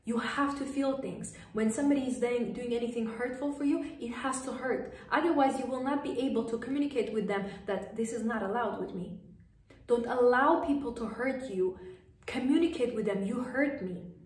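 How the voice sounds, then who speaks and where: High-voiced woman, emphatic, echoey and distant. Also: moderate pace, darkish tone. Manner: emphatic and direct, repeating firm commands. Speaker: lifestyle coach. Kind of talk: motivational advice to camera. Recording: echoey room, voice distant from mic.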